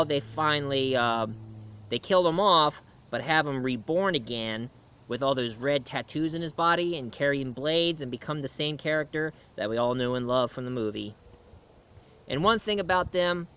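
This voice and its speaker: A man's voice: on the high side, bright, forceful tone, clear, resonant tone. Rambling man reviewing films. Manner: rambling, with many fillers and restarts. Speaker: film and comic reviewer. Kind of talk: casual review monologue.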